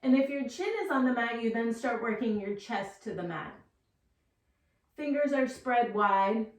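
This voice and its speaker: A woman teaching a yoga class, calmly and slowly cueing poses and breaths. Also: on the high side, distant mic. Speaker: yoga instructor. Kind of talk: guided yoga class instruction. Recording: echoey room, voice set back from the mic.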